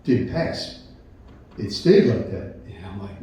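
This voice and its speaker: Man sharing his testimony, low-ish warm voice, earnest and rambling, heard from far off in a very echoey room. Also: lively intonation, a little slow. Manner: earnest and emotional, rambling with many restarts and "I'm like". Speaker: channel host giving his Christian testimony. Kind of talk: personal testimony, casual storytelling. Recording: very echoey room, voice picked up from a distance.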